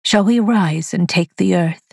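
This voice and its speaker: Woman voicing a loyal robot servant: low, slow, hushed and reverent, dry close mic. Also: gravelly, slightly rough, dry recording, heavily acted. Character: devoted male robot servant, calm and loyal. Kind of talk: audio drama reading.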